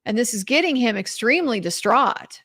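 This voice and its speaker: A woman's voice: fairly high pitch, animated, normal speed, a bit bright. A young woman commenting on a trial in a casual recap, incredulous and emphatic, reading out quotes as she goes. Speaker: legal commentator.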